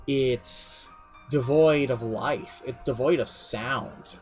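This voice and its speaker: A man's voice: mid-range voice, takes it slowly, darkish tone, faint music behind. A man streaming, casually recounting his tabletop campaign as game master in a rambling, self-deprecating way.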